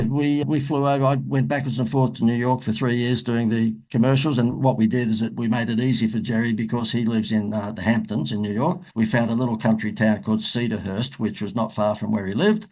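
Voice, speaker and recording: An Australian man telling business stories in an interview, lively and acting out what people said. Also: lowish voice. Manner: lively anecdotes, acts out quoted dialogue. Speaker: marketing guest. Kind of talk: interview storytelling.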